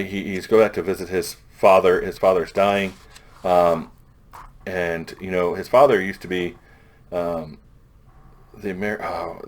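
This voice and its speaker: A man casually recapping comic book issues as a reviewer, rambling with restarts and offhand paraphrases of the characters. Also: sits low. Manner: loose, rambling plot recap with frequent restarts. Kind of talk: casual chat.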